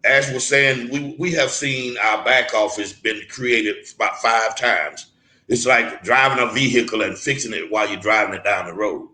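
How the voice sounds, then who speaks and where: A man's voice: lowish voice, normal speed, sharp tone, roomy sound, poor audio. A man interviewed as a mentor, talking earnestly and emphatically, often restarting and repeating words. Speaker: guest mentor.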